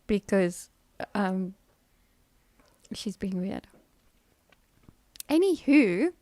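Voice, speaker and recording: A woman's voice: mid-range voice, big pitch swings, extremely slow, a little mellow, no room sound. A middle-aged woman, hosting a casual livestream chat, rambling and laughing with fillers. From South Africa. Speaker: livestream host.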